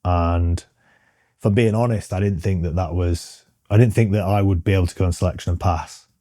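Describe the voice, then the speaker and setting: Low, dark-voiced British man, frank and rambling. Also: fairly even intonation, a little fast, dry recording, clean studio sound. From Britain. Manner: rambling and frank, many ums and restarts. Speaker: interview guest. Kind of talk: casual interview chat.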